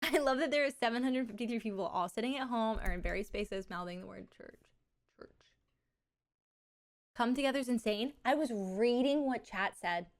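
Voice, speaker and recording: Giggling as she chats with her live audience, a young woman streamer talks in a slightly high, expressive voice. She speaks with a slight lisp and drawn-out words.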